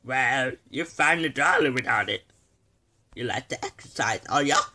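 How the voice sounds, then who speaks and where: A man voicing a teasing, animated male friend in a homemade toy skit. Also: mid-range voice, normal speed.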